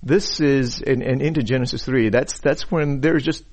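Male preacher at a middle pitch, teaching scripture in a halting way that keeps repeating itself. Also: darkish tone. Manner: many repeated words and restarts, stressed key words. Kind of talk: sermon-style Bible teaching. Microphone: uses a pointer and slides.

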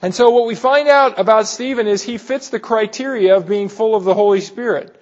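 A man with a high-pitched voice preaches through a Bible passage, working through it verse by verse. He breaks off for explanatory asides and the odd chuckle. The recording sounds dull and lo-fi. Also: fairly quick. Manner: explanatory, with asides and light laughs. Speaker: pastor. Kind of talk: expository Bible sermon.

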